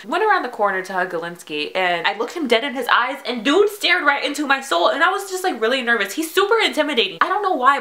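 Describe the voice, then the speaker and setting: A woman's voice: sits high, bright, forceful tone. A young woman telling a casual storytime vlog, chatty and full of "like", acting out the lines of the people in her story. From United States. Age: young adult. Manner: chatty, full of "like" and acted-out quotes. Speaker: vlogger.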